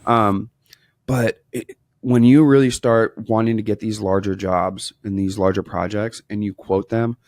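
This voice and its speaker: A man in his thirties from Wisconsin, a business owner talking as a podcast guest, telling animated stories and acting out the dialogue. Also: lowish voice, a little slow, no room sound, clean studio sound. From Wisconsin, USA. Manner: animated storyteller, acts out quoted dialogue. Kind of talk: casual interview storytelling.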